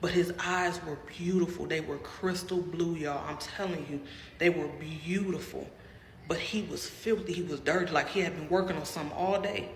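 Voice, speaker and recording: A woman's voice: low-pitched, fairly even intonation, moderate pace. Woman doing a chatty storytime vlog, hypes up the viewers, echoey room, a bit of background hiss. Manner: chatty, dramatic, keeps calling out to viewers. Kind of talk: casual storytime. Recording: roomy with long reverb and faint noise.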